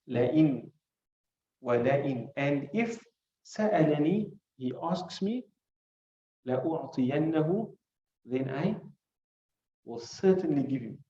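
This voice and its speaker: Male teacher, mellow higher voice, recites Arabic and explains it, muffled roomy classroom recording. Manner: explains word by word, asks rhetorical questions; recites classical Arabic phrases between English. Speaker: teacher of hadith commentary. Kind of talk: classroom lesson. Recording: muffled recording in echoey room.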